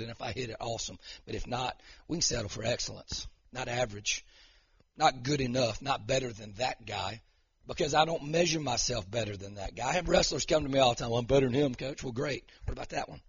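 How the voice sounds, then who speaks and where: A man preaching a sermon as pastor, emotional and fervent, rising into loud prayer declarations. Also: medium pitch, fast talker, breathy edge, lo-fi sound.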